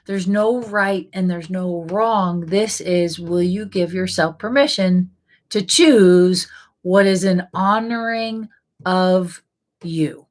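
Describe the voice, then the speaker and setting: A woman life coach in a live session, answering viewer questions in a casual, coaxing way with lots of rhetorical questions. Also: medium pitch. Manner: casual, frequent "like" fillers.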